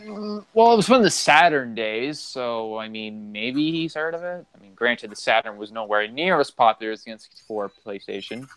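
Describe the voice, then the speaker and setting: A man's voice: mid-range voice, animated, normal speed, hardly any pauses, fairly bright tone, slight background noise, poor audio. A man co-hosting a casual gaming chat, rambling through game trivia with lots of fillers. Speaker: co-host.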